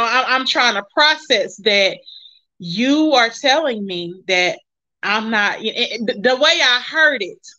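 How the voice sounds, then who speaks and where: Animated woman telling her story. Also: mid-range voice, highs cut off. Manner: animated, acts out remembered voices, laughs. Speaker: vlogger sharing her life story. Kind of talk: casual personal storytelling.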